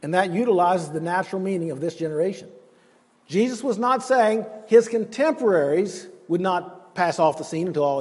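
A man's voice: sits high, a little mellow, breathy edge, long reverb tail. A man preaching a sermon in an earnest, emphatic way, acting out the quotes he gives.

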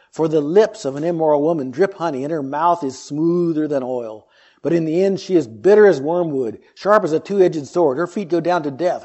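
A man's voice: on the high side, mellow, slightly rough, highs cut off. A man preaching an earnest sermon, reading scripture and explaining it with rhetorical questions.

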